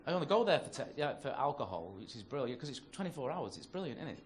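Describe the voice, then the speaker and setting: A man's voice: mid-range voice, sing-song, fast talker. A man with a Northern English accent doing a stand-up routine on a comedy club stage, telling sweary, conversational stories into a handheld mic. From North-West England. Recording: noisy live club recording. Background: audience laughter.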